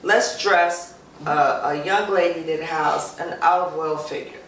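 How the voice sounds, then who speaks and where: A woman's voice: low voice, steady tone, a little slow, a bit bright. A woman hosting a talk show, chatting casually and leading with questions and frequent okays. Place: Las Vegas. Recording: echoey room, far from the mic, faint background hum.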